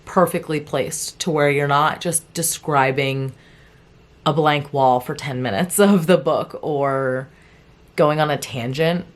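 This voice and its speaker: A young woman with a low-pitched voice talks straight to her viewers in a casual, chatty way. She is animated and laughs often as she reacts to what she is reading. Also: takes it slowly. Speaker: book vlogger. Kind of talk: casual chat to camera.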